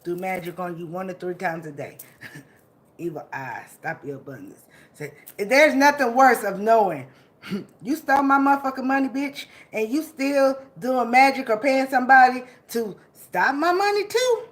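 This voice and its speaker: High-voiced woman ranting and laughing. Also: expressive, normal speed. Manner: laughing often, swings from low murmurs to shouting. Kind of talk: preachy motivational rant.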